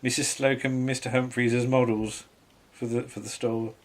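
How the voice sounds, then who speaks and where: Low-voiced woman chiming in. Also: little pitch movement, moderate pace. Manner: playful, chiming in and finishing sentences. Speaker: co-host. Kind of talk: casual chat.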